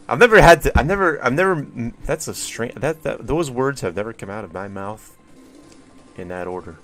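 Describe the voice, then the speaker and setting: A man's voice: medium pitch, animated, moderate pace, long pauses, a bit bright, faint music behind. A man streaming a video game, rambling wryly and swearing casually as he chats with viewers. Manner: rambling, profane, wry musing to chat. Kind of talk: casual gameplay commentary.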